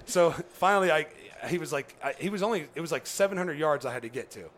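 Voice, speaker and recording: Fast-talking man telling a story. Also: a little high. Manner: animated, acts out quoted dialogue; rambling, lots of fillers like "right?" and "you know". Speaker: guest. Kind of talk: casual storytelling on a podcast.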